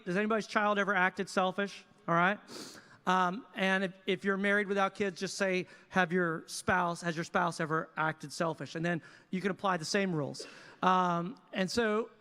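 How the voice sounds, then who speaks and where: Guy pastor preaching, high bright voice, chatty asides, big echoey church hall. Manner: animated, conversational preaching with asides. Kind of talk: sermon.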